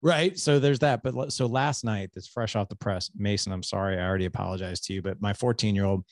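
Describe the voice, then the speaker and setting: A man's voice: on the low side, fairly even intonation, quick pace, no echo, studio quality. A man in his forties hosting a podcast interview, telling a candid, self-deprecating story from home life. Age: 40s. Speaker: podcast host.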